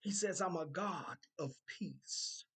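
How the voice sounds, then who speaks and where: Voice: mid-range voice, creaky, fairly bright tone, breathy edge. A content creator delivering a prophetic warning message, repeating phrases emphatically as they relay what God says. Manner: slow, repetitive, emphatic delivery relaying God's words.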